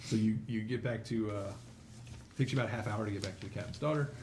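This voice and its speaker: A man's voice: lowish voice, fast talker, echoey room, noisy background. A man narrating as game master in a tabletop game, casual and hesitant, with many fillers.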